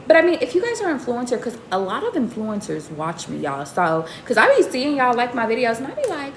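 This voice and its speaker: A woman giving a casual live tarot reading to her viewers, slangy and animated, often jumping into high excited exclamations. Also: brisk. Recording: roomy echo with faint background noise.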